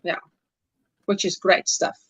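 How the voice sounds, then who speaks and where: A woman's voice: slow pace, a bit bright, no room sound, lo-fi sound. A woman from South Africa hosting a casual crochet livestream, chatty and affectionate, laughing often and calling viewers sweetheart. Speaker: livestream host.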